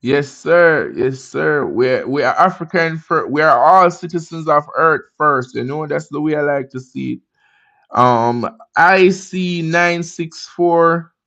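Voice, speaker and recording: A man's voice: on the high side, animated, creaky, bright, forceful tone, muffled recording. A Jamaican man hosting a casual livestream chat. He answers viewer comments and greets viewers by name. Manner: laid-back, drawn-out, greets viewers by name. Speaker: livestream host.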